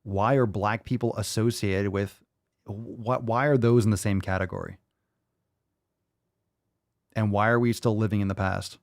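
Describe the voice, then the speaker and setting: A man's voice: fairly low pitch, steady tone, a little slow, long pauses, no room sound, studio quality. A man hosting a show, reacting to video clips with blunt, profane, mocking commentary.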